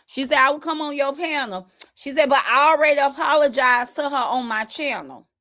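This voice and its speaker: A woman with a somewhat high voice and a hosts a casual livestream. She retells conversations animatedly, quoting others and addressing her viewers directly. The recording is dry and close, with little room sound. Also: a little fast, no echo. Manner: animated storytelling, retelling quoted exchanges, talks to chat. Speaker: livestream host.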